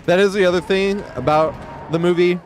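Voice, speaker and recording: A man's voice: high-pitched, steady tone, brisk, slight background noise. A man streaming a game, chatting casually and retelling a favorite movie at length, with many fillers.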